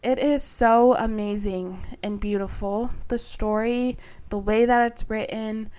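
Young woman, casual book chat, rambling, fillers, slightly high voice. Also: fairly even intonation, a little slow, darkish tone, smooth. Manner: chatty, rambling, filler-heavy. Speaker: book vlogger.

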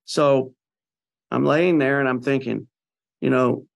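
A man speaks as a podcast guest, his voice gravelly with a lot of fry in it. He tells his story in an earnest, conversational way, full of fillers and restarts, at a middle pitch. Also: steady tone, slow. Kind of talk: telling a personal story.

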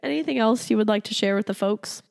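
A woman's voice: mid-range voice, quick pace, creaky, a little mellow. A woman co-hosting a podcast who is sick, chatting casually with her partner. She laughs often and teases, and her voice hangs in a long room reverb. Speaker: podcast co-host. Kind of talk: casual chat.

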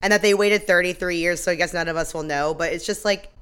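A woman's voice: on the low side, steady tone, fast, fairly bright tone, smooth. A woman co-hosting a podcast, recapping a TV episode in sarcastic, swear-filled casual chat and laughing at herself. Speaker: podcast co-host. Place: Ireland.

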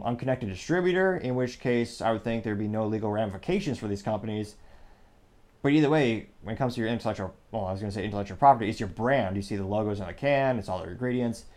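A man's voice: medium pitch, darkish tone. A man hosting a casual news commentary show, full of sarcastic joking asides. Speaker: host.

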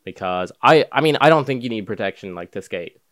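A man's voice: fairly low pitch, expressive, a little fast, a bit bright, dry recording. A young man co-hosting a podcast, chatting casually and telling anecdotes while acting out the voices of people in them. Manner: storytelling, acts out voices of people in his stories. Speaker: podcast co-host. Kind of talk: casual chat.

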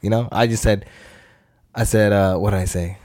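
A man's voice: lowish voice, steady tone, moderate pace, a little mellow, no echo, studio quality. A man, co-hosting a podcast, telling a story in a slangy, rambling way, swearing and acting out voices. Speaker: podcast co-host. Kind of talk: casual chat.

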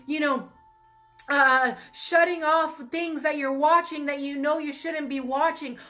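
A woman's voice: high voice, a bit bright. A young woman hosting a faith talk, sharing an earnest, emotional personal testimony and calling her viewers "you guys". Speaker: ministry host.

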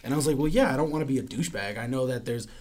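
A man's voice: medium pitch, racing, darkish tone. A young man telling rambling stories with lots of fillers in a casual podcast chat. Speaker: podcast guest.

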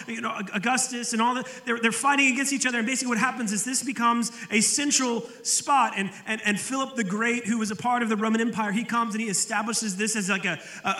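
High-voiced pastor in an echoey hall. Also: male voice, bright, forceful tone. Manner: conversational, repeats words when starting phrases. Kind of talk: sermon.

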